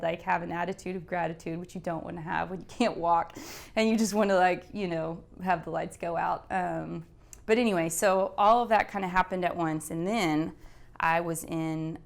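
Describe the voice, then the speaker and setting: A young woman recounts a hard personal story in a low, smooth voice. She talks haltingly, often stopping to find words. At moments she grows tearful. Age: young adult. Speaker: patient telling her story. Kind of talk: emotional personal testimony.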